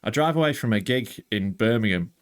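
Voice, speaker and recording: A man co-hosting a podcast and spinning an anecdote in loose, casual chat. His pitch swings widely as he storytells. He jumps into other people's lines as he tells it. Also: expressive, brisk, smooth. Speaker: podcast co-host and comedian.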